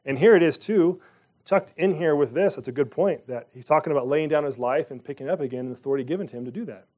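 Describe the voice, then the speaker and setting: Slightly high-voiced man leading Bible study. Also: fast, a little mellow. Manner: conversational, thinks aloud with many asides and questions. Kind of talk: Bible study teaching with scripture reading.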